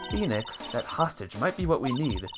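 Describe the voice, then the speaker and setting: A composed woman mentor from a video game, speaking in a measured, reassuring tone, as a man reads her lines. The voice stays low and even, and clear music plays behind it. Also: natural voice. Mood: calm. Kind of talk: video game dialogue read aloud.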